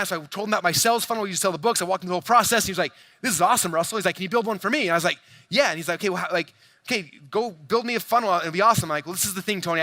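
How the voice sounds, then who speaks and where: Energetic male convention keynote speaker in his 40s, rapid pitch-heavy delivery, high-pitched and punchy. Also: no echo. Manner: fast, hyped, addresses crowd directly, acts out quoted dialogue. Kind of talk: energetic stage presentation. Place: large convention hall stage.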